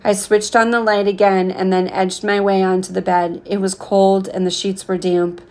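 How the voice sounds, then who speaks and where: A woman reading a novel aloud in an unhurried, earnest way. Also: mid-range voice, little pitch movement, a little mellow. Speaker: reader.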